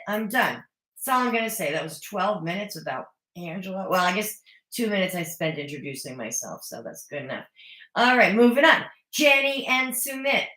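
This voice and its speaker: Woman, recap vlogger, sarcastic asides, echoey room, animated pitch. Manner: chatty, opinionated, sarcastic asides. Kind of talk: casual recap chat. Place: home.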